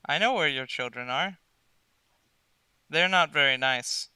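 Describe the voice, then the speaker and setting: A man narrating as game master, asking dry, deadpan questions. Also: fairly high pitch, unhurried, clean tone, no echo.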